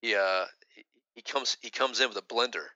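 Rambling storyteller man, bright dry voice. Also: medium pitch, brisk, no echo, highs cut off. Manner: rambling, many restarts and "like" fillers. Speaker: podcast co-host. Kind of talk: casual storytelling chat.

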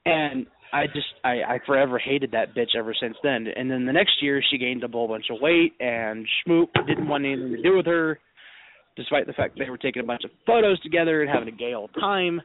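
A man's voice: medium pitch, a little fast, dry recording. A man hosting an internet radio show, telling crude stories in a casual, profane way and laughing often. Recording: tinny call-in audio.

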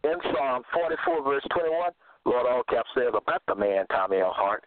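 A man's voice: mid-range voice, expressive, moderate pace, noisy background. Man preaching over a tinny phone line. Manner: emphatic, repeats phrases, spells out words. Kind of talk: scripture-reading sermon.

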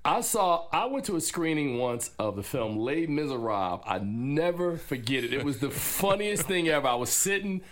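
Animated, laughing male film-critic host. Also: a little high, moderate pace, few pauses. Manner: animated storyteller who laughs often. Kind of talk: casual chat.

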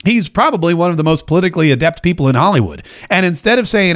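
A man hosting a casual commentary show, talking in a chatty, joking way with animated asides. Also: high voice, fast talker, hardly any pauses. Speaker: show host.

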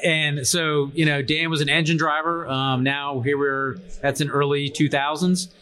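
A man hosts a loose panel chat at a trade conference, teasing his co-hosts and wandering through his sentences with fillers. His voice is bright and sits a touch high. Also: little pitch movement, a little slow. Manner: joking, rambling with fillers and restarts. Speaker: host, fire service instructor. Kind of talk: casual panel chat on a livestream.

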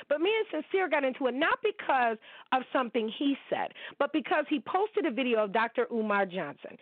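A woman's voice: a little high, animated, fairly quick, dry recording. A woman in her forties from the United States, hosting her own show and delivering a blunt, profane rant that calls people out. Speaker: podcast host. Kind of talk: ranting commentary monologue. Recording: tinny phone-like sound.

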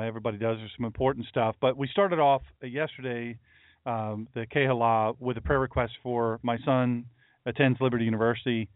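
A man's voice: medium pitch, dry recording. A middle-aged man, a pastor, chatting casually on a livestream with folksy, rambling asides to his chat. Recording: dry, phone-like lo-fi audio.

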